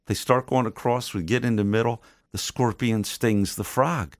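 A man's voice: mid-range voice, normal speed, few pauses, dry recording, clean studio sound. A man guesting on a Christian radio show, explaining his program in an earnest, teaching manner and acting out voices when he tells a story. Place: radio studio.

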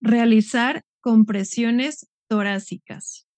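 Woman slowly reading model phrases. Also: a little high, a little mellow, no echo. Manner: slow, deliberate phrase reading.

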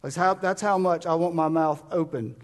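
Male pastor, high voice, fervent and urging sermon delivery, long hall reverb. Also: normal speed. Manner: fervent, urging, with sudden loud bursts and quiet drops. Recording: long reverb of a large room.

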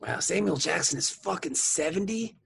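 A man in casual podcast chat, profane and excitable, who laughs often. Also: a little high, moderate pace, vocal fry, a little hiss or hum.

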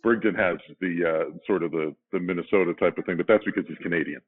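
Deep-voiced man on a tinny line. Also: quick pace. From Pennsylvania, USA. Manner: self-deprecating, rambling. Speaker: baseball broadcaster. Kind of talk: casual podcast chat.

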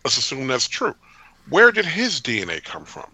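Male podcast co-host, animated and opinionated, lively pitch, dry sound. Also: normal speed, slightly rough, dry recording. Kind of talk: casual chat.

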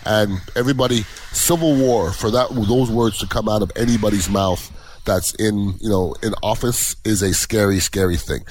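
A man's voice: on the low side, normal speed, a little mellow, slight background noise, poor audio. A male podcast host delivering a blunt, opinionated monologue full of rhetorical questions.

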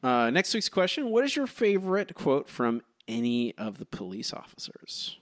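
A man's voice: mid-range voice, huge pitch swings, moderate pace. A man co-hosting a podcast, chatting casually and running a trivia quiz, with a hesitant, filler-filled delivery. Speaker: podcast co-host.

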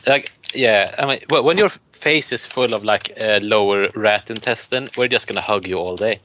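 A man's voice: moderate pace, sharp tone, slight background noise. A man co-hosting a casual comedy podcast, joking around and breaking into silly bits. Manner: jokey, puts on squeaky voices for bits. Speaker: podcast co-host.

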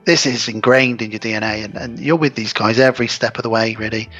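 A man's voice: medium pitch, steady tone, fast talker, fairly bright tone, breathy edge, dull audio, soft background music. A man co-hosting a podcast, chatting casually about a film and acting out its lines. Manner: chatty, acts out movie lines in silly voices. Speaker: podcast co-host.

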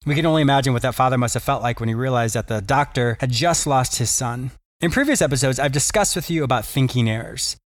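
A man's voice: medium pitch, no room sound. Upbeat male podcast host, dry sound. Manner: upbeat, promotional, then explanatory. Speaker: podcast and radio host, psychotherapist. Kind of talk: scripted show intro and teaching monologue.

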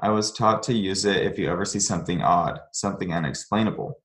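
A man's voice: low voice, fast, fairly bright tone. A man hosting a podcast, reading a listener's scary story aloud in a casual way and breaking off to comment and laugh. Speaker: podcast host. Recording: roomy echo.

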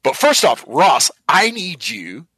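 A man's voice: fairly high pitch, huge pitch swings, slow, pushed and bright, breathy edge, dry recording. A man running a tabletop game as game master, rambling and casual with laughs and the odd swear.

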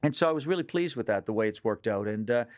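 A comedian in his fifties from Nova Scotia, Canada, tells rambling, joke-filled stories as a guest in a casual radio interview. His medium-pitched voice is animated, and he talks fast.

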